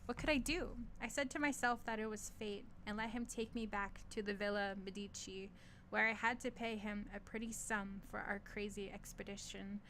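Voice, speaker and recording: A woman's voice: medium pitch, steady tone, normal speed, a bit bright, a little hiss or hum. A woman reading a short story aloud, stumbling over foreign words and laughing at herself now and then. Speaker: reader of stories.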